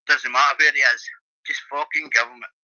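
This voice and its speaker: A man's voice: medium pitch, steady tone, normal speed, sharp tone, dull audio. A man hosting a heated livestream chat, ranting angrily with heavy swearing and restarts. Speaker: livestream host.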